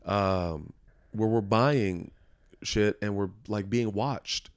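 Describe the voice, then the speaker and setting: Brief: thoughtful man guest, low-pitched, pauses and restarts as he talks. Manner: reflective, halting, restarts often. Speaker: podcast guest. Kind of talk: casual conversation.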